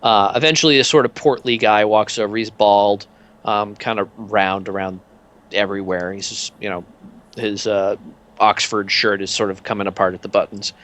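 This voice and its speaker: A man's voice: lowish voice, fairly even intonation, normal speed, a bit bright. A man narrating as game master in a tabletop game, in a loose, filler-heavy way.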